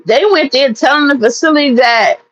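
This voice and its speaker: A woman with a high voice tells a story to her viewers as a blunt, heated rant full of swearing. The recording sounds dull and lo-fi. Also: a little fast, fairly bright tone. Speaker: vlogger telling a personal story.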